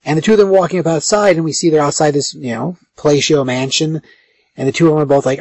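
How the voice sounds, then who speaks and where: Man, podcast co-host, husky slightly high voice, rambling recap, dry sound. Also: lively intonation, fairly quick, a little mellow, dry recording. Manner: rambling, filler-heavy storytelling. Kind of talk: casual comic recap.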